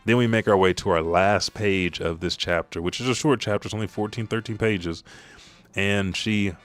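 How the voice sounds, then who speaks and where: A man's voice: lowish voice, steady tone, normal speed, a bit bright. A man hosting a manga reaction, casually retelling a chapter and acting out the characters' lines. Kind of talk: casual chapter recap with voiced quotes.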